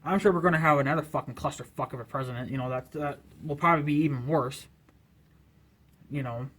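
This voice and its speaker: A man with a fairly high voice delivers a heated rant straight to camera as a vlogger. He swears constantly and circles back to "you know" again and again. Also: fast, fairly bright tone. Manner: profane and heated, filler-heavy with repeated "you know". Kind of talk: angry political rant to camera.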